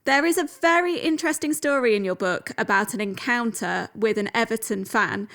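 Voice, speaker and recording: A woman's voice: a little high, a little fast, a bit bright. A woman hosting an interview and reading prepared questions in a friendly way. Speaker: interviewer, host.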